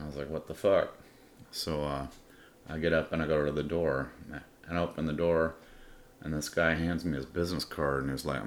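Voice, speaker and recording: The middle-aged man has an extremely low yet fairly bright voice, with slight background noise in a roomy room with faint ambience. As a podcast host, he delivers a crude, defiant story from his own life, bluntly and full of profanity.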